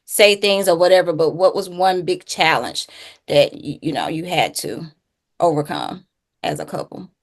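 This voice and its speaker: A woman life coach hosting an interview, asking gentle, measured questions. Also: fairly low pitch, expressive, gravelly.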